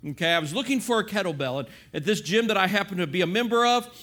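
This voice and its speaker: A man preaching in an animated, confessional storytelling way, often checking in with his listeners. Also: high voice, fast talker, faint music behind. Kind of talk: storytelling sermon.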